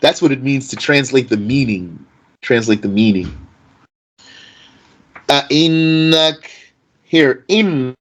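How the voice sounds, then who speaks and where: A man teaching Arabic grammar in an explanatory lesson, asking rhetorical questions and reciting Arabic quickly. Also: mid-range voice, expressive, low-quality recording.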